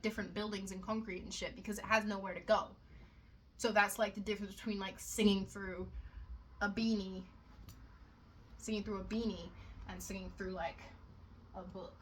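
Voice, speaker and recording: A woman's voice: medium pitch, a little hiss or hum. A young woman vlogging in a casual, rambling way, swearing often and poking fun at herself. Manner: chatty, swears a lot, self-mocking asides.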